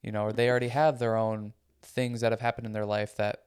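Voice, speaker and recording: A man's voice: fairly low pitch, level tone, quick pace, a little mellow, smooth. A man co-hosting a casual podcast, talking earnestly and emphatically, often repeating himself to stress a point. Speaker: podcast co-host. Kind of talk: casual conversational podcast chat.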